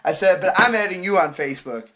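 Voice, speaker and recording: A man's voice: high voice, fast talker. A young man casually telling a story, acting out the people in it and swearing freely. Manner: animated, acts out quoted voices, swears casually.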